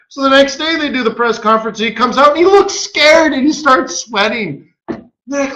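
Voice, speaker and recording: Male webinar host, casual and animated, high-ish voice, echoey lo-fi room sound. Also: brisk. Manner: animated storyteller who acts out quoted voices. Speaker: forex market strategist and webinar host. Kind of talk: casual live webinar commentary. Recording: echoey room, dull lo-fi audio.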